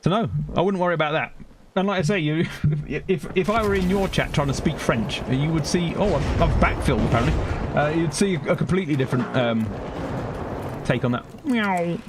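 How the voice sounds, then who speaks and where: A man's voice: a little high, a little fast, noisy background. A man streaming a game, chatting casually and rambling, swearing freely, laughing often and yelping when the action heats up. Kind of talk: casual chat while gaming.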